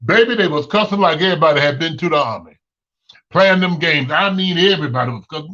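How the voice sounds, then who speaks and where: A man's voice: a little high, animated, fast, pushed and bright. A man in his thirties with a Chicago accent hosts a casual opinion monologue, preaching and repeating himself for emphasis. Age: 30s. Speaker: host. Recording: lo-fi muffled recording.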